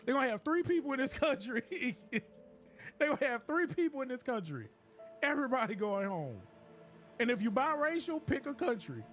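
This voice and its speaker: A man streaming a game, riffing in a joking, animated rant with laughs. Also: very high voice, moderate pace, soft background music. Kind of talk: casual comedic commentary while gaming.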